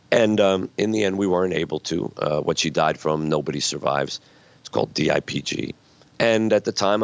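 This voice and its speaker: Older guy, deep gravelly voice, thoughtful and earnest, sounds kinda muffled. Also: no room sound. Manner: earnest, reflective storytelling. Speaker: author guest. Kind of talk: conversational interview. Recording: dull lo-fi sound.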